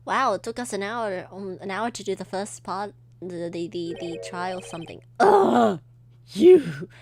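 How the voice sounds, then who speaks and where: A woman's voice: medium pitch, steady tone, normal speed, a bit bright. A young woman streaming a game from home, chatting expressively and reacting, with a scratchy throat from coughing. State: coughing, something stuck in her throat. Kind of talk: casual live-stream commentary. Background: background music.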